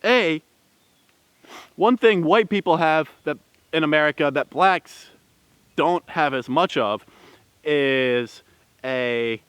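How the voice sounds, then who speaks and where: A man talks through his opinions slowly in a smooth, clear voice that sits a little high. He rambles and restarts often, and the room sound is dry. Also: a bit bright, no room sound. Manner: rambling and heated, many fillers and restarts. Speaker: vlogger. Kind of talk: opinion commentary.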